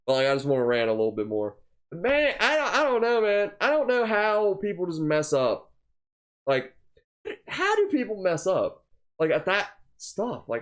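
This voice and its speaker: Young male co-host, casual rant, pitch on the high side, very lively, loose and filler-heavy. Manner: rambling, heavy on fillers and "man"; exasperated. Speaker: co-host of a gaming channel. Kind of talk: casual ranting chat.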